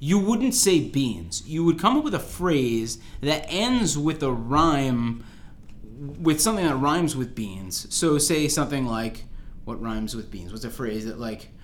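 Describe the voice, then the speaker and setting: A young man from the United States hosts a casual podcast chat, his voice sitting at a middle pitch. He rambles through stories, peppering them with fillers and self-corrections, and now and then lets a joke land. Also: animated, measured pace. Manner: rambling, filler-heavy, jokey storytelling. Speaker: podcast host.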